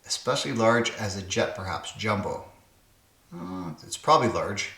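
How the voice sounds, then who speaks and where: A man's voice: lowish voice, lively intonation, moderate pace, fairly bright tone, echoey room. A man hosting his own puzzle channel, thinking aloud and muttering to himself as he solves word games. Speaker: puzzle game channel host. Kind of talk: casual solo puzzle-solving commentary.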